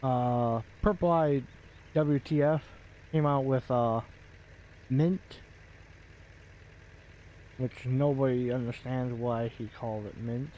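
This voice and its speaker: A man's voice: medium pitch, takes it slowly, pauses often, dull audio. A man chatting casually while he plays a game, rambling with many fillers and restarts, into a desk microphone. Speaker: gaming video creator.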